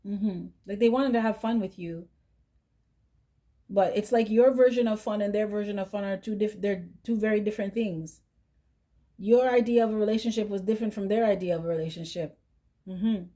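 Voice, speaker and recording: Mellow-voiced woman giving a tarot reading. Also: mid-range voice, normal speed. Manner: chatty, keeps asking "right?" and humming "mm-hmm". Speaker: tarot reader.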